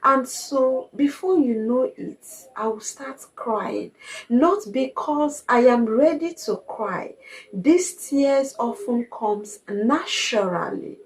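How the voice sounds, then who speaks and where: A woman speaks in a slow, deliberate way in her reflective personal vlog. Her voice sits a little high. She sounds earnest and confiding, and she circles back to the same points for emphasis. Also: expressive, poor audio. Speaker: vlogger.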